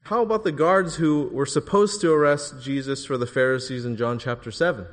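A man preaching a sermon in a church, emphatic, rising to forceful bursts on key phrases. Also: medium pitch, brisk, big-room sound.

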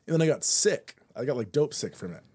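A man guest on a podcast, telling a personal story in casual chat, animated and peppered with "like". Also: medium pitch, a little fast, husky. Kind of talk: casual conversation.

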